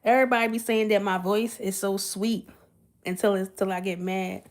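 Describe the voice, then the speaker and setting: A woman's voice: medium pitch, fairly even intonation, moderate pace. A woman, chatting casually and giggling with her livestream viewers. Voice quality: sweet voice. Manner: giggly, chatty, talks back to chat. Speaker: livestream host.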